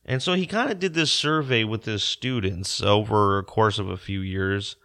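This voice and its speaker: Very deep-voiced man, halting casual talk. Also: sharp tone. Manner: halting, many fillers and restarts. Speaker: podcaster. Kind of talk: casual retelling to listeners.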